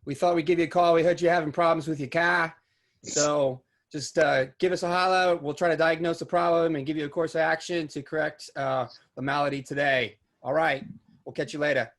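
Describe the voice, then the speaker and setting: A man's voice: a little high, fairly even intonation, a little fast, a bit bright, voice pushed up. A man voicing a folksy radio car-advice host with a put-on Northeastern US accent. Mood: jovial. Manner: jovial, folksy radio patter.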